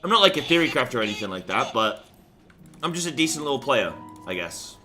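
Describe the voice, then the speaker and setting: A man's voice: mid-range voice, sing-song, quick pace, bright, forceful tone, faint music behind. A young man chatting loosely on a game stream, rambling with fillers and the odd swear word. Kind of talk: casual live-stream chat.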